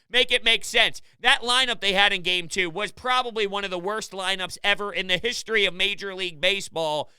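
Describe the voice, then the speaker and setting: High, bright-voiced ranting sports vlogger man. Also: clean tone, dry recording. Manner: animated, ranting, exasperated. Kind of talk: opinionated sports commentary vlog.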